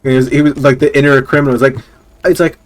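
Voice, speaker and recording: A man's voice: mid-range voice, level tone, racing. A man streaming live, rambling casually with lots of fillers and chuckles.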